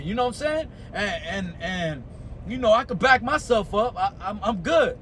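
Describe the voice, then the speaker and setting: A man's voice: high voice, animated, moderate pace, fairly bright tone, slight background noise. A young American man giving a casual motivational talk, profane and streetwise, often asking "you know what I'm saying". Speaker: motivational speaker.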